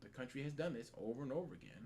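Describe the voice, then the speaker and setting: A man hosting a casual podcast, talking in an animated, profane way and laughing often. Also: mid-range voice, rapid-fire, a little hiss or hum. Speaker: podcast host.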